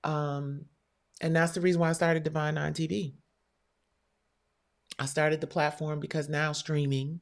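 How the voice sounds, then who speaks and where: A woman's voice: low-pitched, fairly even intonation, normal speed, vocal fry, long pauses. A woman hosting a live stream show, telling a story in a candid, blunt and profane way. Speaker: livestream show host. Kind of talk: casual livestream talk.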